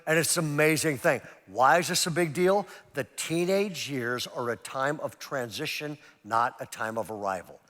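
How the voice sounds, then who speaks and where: A middle-aged pastor preaching to a seminar audience, telling stories with lively jokey asides. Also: male voice, fairly high pitch. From California. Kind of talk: sermon at a parenting seminar. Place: large church auditorium. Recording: long reverb of a large church hall.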